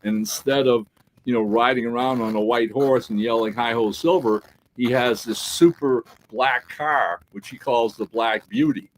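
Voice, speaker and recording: Animated man telling a story. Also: mid-range voice, moderate pace, poor audio. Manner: animated storyteller who acts out quoted dialogue; peppers talk with "right?" and "all right?". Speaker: podcast co-host. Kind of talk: casual podcast chat.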